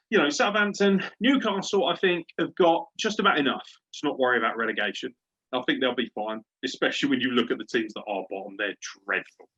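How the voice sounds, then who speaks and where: A man's voice: mid-range voice, fairly bright tone, slightly rough, lo-fi sound. A man hosting a casual sports podcast, ranting in a fired-up, profane way. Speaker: podcast host.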